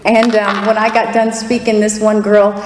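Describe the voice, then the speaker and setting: A woman's voice: medium pitch, little pitch movement, normal speed. A middle-aged woman giving a candid, laughing, fervent personal testimony to an audience. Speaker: testimony speaker. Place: large hall before an audience. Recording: echoey hall with faint crowd and noise.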